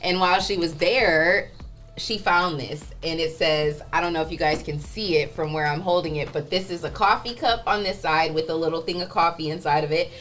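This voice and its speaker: Laughing woman co-host, low voice. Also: a little fast, a bit bright, soft background music. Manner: laughs often while telling stories. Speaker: morning show co-host. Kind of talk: casual chat. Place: studio.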